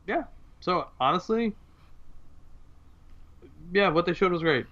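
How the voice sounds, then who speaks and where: A young man co-hosting a casual gaming chat, easygoing and quick to agree. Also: high-pitched, animated, a bit bright. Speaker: co-host. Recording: dull lo-fi audio.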